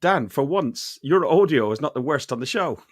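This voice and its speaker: A man's voice: a little high, lively intonation, normal speed, dry recording, studio quality. A man hosting a casual podcast, rambling and chatty, with lots of fillers and restarts. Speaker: podcast host. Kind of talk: casual chat.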